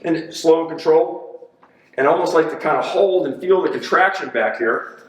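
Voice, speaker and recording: A man's voice: on the high side, moderate pace, distant mic, slight background noise. A man, a personal trainer, coaching an exercise demo in a gym in an upbeat, chatty way and counting reps aloud. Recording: echoey gym, voice from off-mic.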